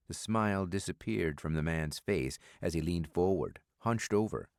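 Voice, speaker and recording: A man reading a thriller audiobook in a steady, measured scripted narration. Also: extremely low pitch, dry recording, clean studio sound.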